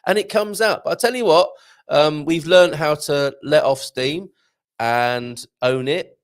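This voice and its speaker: A man's voice: a little high, unhurried. A middle-aged man hosting a live show, chatting and joking as he reads out viewer comments and laughing often. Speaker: show host.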